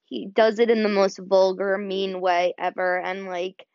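On her solo podcast, a young woman chats casually with many fillers, getting emotional and choked up now and then. She speaks a little slowly in a level, medium-pitched tone, and the recording is dull and dry.

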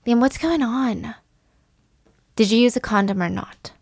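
A woman playing a suspicious wife woken from sleep, hushed and pressing. The sound is dry and close. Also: on the high side, a little slow, creaky, husky, no room sound, exaggerated voice. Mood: worried.

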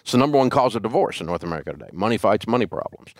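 Animated folksy older man, low voice. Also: very fast, no echo, clean studio sound. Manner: animated storyteller, folksy, emphatic. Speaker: radio host. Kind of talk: casual interview conversation.

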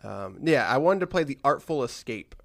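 A man hosting a casual podcast chat at a mid-range pitch. He rambles along, restarting sentences and letting his asides trail off into a low mumble. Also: very animated, normal speed, gravelly, a bit bright. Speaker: podcast host.

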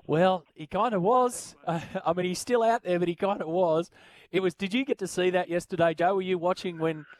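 A man with an Australian accent hosting talkback sports radio, chatty, and animated when he reads out listener messages. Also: high-pitched, a little fast.

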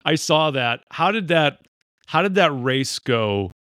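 A podcast host chats casually with his interview guest, joking, teasing and putting on funny voices in an animated way. His voice is on the high side and slow, recorded with clean studio sound and no room tone.

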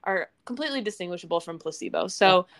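A young woman with a Midwestern accent, co-hosting a science podcast in relaxed, self-amused casual talk. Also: fairly low pitch, fast. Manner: relaxed, laughs at herself, fillers. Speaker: podcast co-host. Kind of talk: casual chat, reading show updates.

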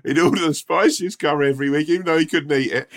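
A man's voice: a little high, quick pace. A man co-hosting a podcast in casual chat, jokey and laughing easily. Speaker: podcast co-host.

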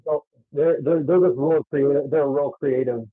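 A man's voice: fairly high pitch, steady tone, moderate pace. A man calling in as a wrestling promoter guest, talking hesitantly and repeating his words. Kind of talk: phone-in interview. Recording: tinny phone line.

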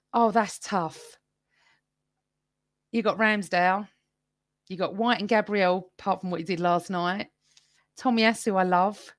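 A woman's voice: medium pitch, steady tone, slow, pauses often, dry recording. A woman hosting a live fan podcast on her own, chatting casually with viewers and reading out their comments. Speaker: podcast host. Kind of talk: live-stream fan chat.

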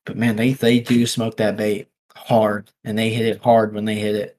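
A man in relaxed conversation, telling a long fishing story with lots of "like" and "dude" and frequent laughs. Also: on the low side, normal speed, few pauses. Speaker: podcast guest angler. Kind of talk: casual storytelling chat. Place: office.

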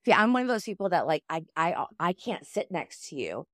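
Brief: woman co-host, lowish voice, frank and emphatic, curses to make a point. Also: very animated, fairly quick, dry recording, clean studio sound. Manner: candid, emphatic, swears for emphasis. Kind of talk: casual chat.

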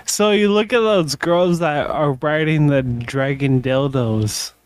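A man's voice: fairly high pitch, takes it slowly, clear, resonant tone, dry recording. A drunk man co-hosting a podcast, rambling and repeating himself with bursts of laughter. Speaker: podcast co-host. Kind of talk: casual chat.

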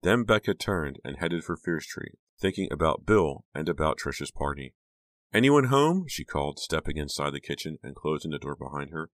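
Very deep-voiced man reading an audiobook. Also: fairly even intonation, normal speed, hardly any pauses, dry recording. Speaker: audiobook narrator. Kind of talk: scripted narration.

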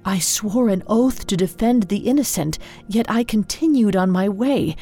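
A woman's voice: medium pitch, moderate pace, dark tone, soft background music, natural voice. A woman voicing a grief-stricken king of knightly legend in a storybook reading, speaking in solemn, formal words. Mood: grieving.

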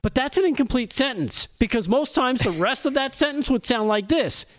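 A man with a high speaking voice delivers opinionated talk show commentary. He is sarcastic and keeps breaking into laughter at his own punchlines. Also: expressive, normal speed. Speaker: segment contributor on a talk show.

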